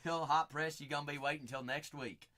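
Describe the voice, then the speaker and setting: A man hosting a live card break stream, rattling off buyers' names with playful, sing-song banter and sudden loud bursts. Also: on the high side, fairly even intonation, brisk, a little hiss or hum.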